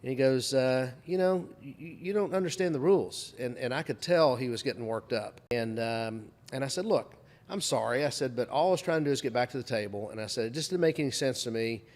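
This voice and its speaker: A man's voice: medium pitch, quick pace. A middle-aged man tells a story in casual chat and acts out the other people's lines. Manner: animated storyteller, acts out quoted voices. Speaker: guest.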